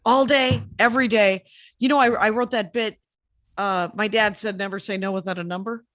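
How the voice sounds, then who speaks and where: An older woman comedian talking fast and wryly in a casual podcast chat. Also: medium pitch, fairly even intonation, fairly bright tone. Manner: fast-talking, wry, jokey. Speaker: guest comedian.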